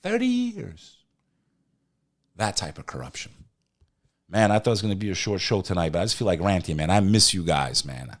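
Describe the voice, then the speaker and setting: A man hosting a podcast, ranting in animated news commentary and talking straight to his live chat. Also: low voice, quick pace. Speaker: podcast host.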